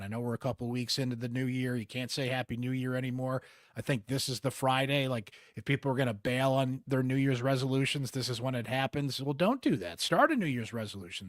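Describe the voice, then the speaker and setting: A male sports podcast host with a Central New York accent breaks down the game in a chatty, candid way, dropping wry asides. His voice sits in an ordinary middle pitch. The sound is dry and close, with no room around it. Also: a bit bright, dry recording. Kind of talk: postgame sports analysis podcast.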